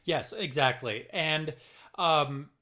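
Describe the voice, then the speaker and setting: A man's voice: fairly high pitch, bright, forceful tone. A middle-aged man from Minnesota with a Minnesotan accent, co-hosting a casual chat podcast and rambling with lots of fillers and restarts. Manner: rambling, halting with many fillers. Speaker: podcast co-host.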